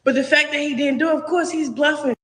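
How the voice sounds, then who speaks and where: A woman's voice: sits high, fast, fairly bright tone. A woman bluntly retelling her own story, swearing freely and acting out what people said to her. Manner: blunt, profane, acts out what was said. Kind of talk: candid personal retelling. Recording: echoey clip with long reverb.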